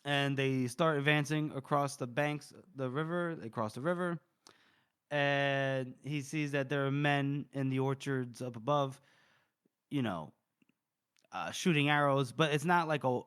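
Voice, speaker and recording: A young man co-hosting a podcast, casually retelling a book chapter with quick voiced quotes and laughs. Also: medium pitch, a bit bright, clean tone. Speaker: podcast co-host.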